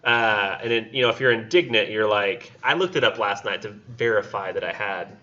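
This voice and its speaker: A man's voice: lowish voice, normal speed, bright, forceful tone. A man giving a casual, rambling classroom lecture full of fillers and asides. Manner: rambling, filler-heavy, acts out silly voices. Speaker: college literature instructor. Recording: dull lo-fi classroom recording.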